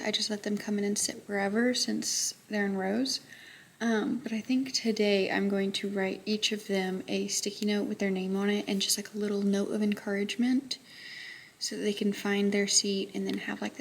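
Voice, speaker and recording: A young woman, a high school teacher, chatting casually to her phone camera in a vlog, upbeat and full of "like" and "um". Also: slight background noise. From Texas. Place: her car and classroom.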